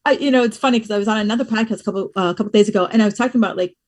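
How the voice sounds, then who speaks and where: A woman from the US East Coast, a guest on a podcast, telling stories in an animated, expressive way and laughing as she talks. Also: mid-range voice, racing. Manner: animated storyteller, expressive, laughs while talking. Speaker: podcast guest, fitness business owner. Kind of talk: casual conversational interview.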